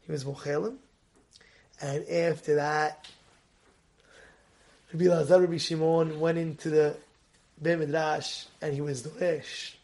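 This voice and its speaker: Animated high-voiced man telling a Torah story. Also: normal speed. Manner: animated, acts out the story's voices, swings from loud to hushed. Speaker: rabbi.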